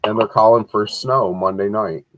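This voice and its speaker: A man's voice: fairly low pitch, normal speed, a bit bright, no room sound, low-quality recording. A man co-hosting a casual live-stream chat, telling everyday stories in an easygoing way. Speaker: co-host.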